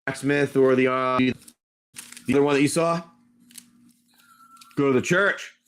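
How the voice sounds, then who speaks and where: On a live stream, a game master who also sells improvises narration for a tabletop game, wandering and fixing his words as he goes. His medium-pitched voice is steady, unhurried, and clean in tone.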